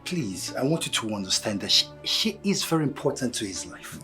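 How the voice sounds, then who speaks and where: An actor playing a father who keeps pleading for calm. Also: medium pitch, a little fast. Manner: soothing, pleading. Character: pleading father, gentle peacemaker. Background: music.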